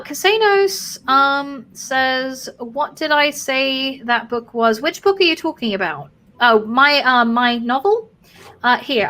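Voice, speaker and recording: A woman's voice: a little high, a bit bright. Tipsy British-accented woman rambling on stream. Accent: British mix of South London and Sheffield with an American tinge. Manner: rambling, discursive, chatty with fillers. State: tipsy from wine. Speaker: streamer host. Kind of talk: casual streamed chat.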